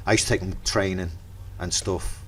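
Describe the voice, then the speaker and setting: A middle-aged man with a Merseyside accent, a podcast guest in casual chat, telling lively anecdotes and acting out the dialogue. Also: low-pitched, moderate pace, slight background noise. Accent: Merseyside English. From Merseyside, England.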